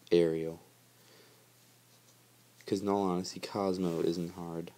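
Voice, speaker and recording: Chatty low-voiced man commenting on gameplay. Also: steady tone, measured pace, long pauses, warm tone. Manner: chatty, self-mocking, laughs often. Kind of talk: casual gameplay commentary voice-over.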